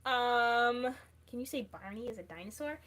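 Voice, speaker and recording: A woman's voice: a little high, lively intonation, moderate pace, heavy background noise. A woman who is losing her voice hosts a casual livestream, reading viewer comments aloud and answering them. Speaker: livestream host.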